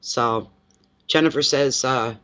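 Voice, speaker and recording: A man's voice: medium pitch, slow, bright, forceful tone, smooth. A man hosting a tarot-reading livestream, chatting casually with viewers in a rambling way and laughing easily. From eastern Canada. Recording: dull lo-fi livestream audio.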